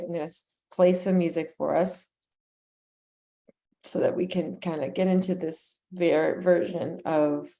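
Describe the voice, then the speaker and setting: A woman guides a breathwork and mindset session in a slow, soothing way. Her voice sits a little low for a woman. She pauses often and sometimes restarts her sentences as she speaks. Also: darkish tone.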